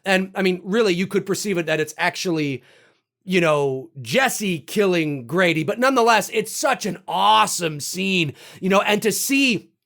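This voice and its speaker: A man with a high, gravelly voice talks casually to camera. He is animated and excitable, tossing in swear words and acting out bits with sudden loud bursts. His tone stays bright and forceful. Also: moderate pace. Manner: animated, swears freely, acts out quotes with loud outbursts. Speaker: YouTube host ranking horror kills.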